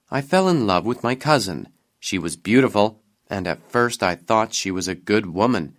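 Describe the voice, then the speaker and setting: A man's voice: on the low side, a bit bright. A man reading as a sorrowful young king. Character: sorrowful young king, half turned to stone.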